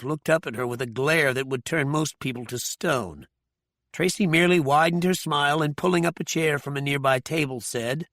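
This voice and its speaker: Male audiobook narrator, gravelly, dry close studio sound, measured thriller reading. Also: mid-range voice, fairly bright tone, no room sound.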